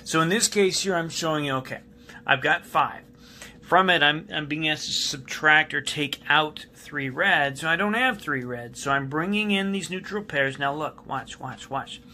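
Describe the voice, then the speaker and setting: A man's voice: fairly high pitch, normal speed, sharp tone, slight background noise. A male math teacher giving a recorded classroom lesson, patiently repeating key steps and asking students questions while he writes on a board.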